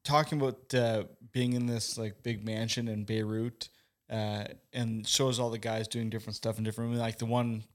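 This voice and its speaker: A man in casual conversation recapping film scenes, pausing with frequent uhs. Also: lowish voice, flat delivery. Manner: recaps scenes, hesitant with uh and restarts. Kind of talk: casual chat.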